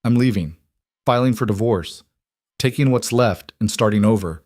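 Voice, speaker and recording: A man's voice: fairly low pitch, normal speed, darkish tone, dry recording, close to an everyday voice. Regretful middle-aged mother, read by a man, strained, resolute, dry. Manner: strained, determined.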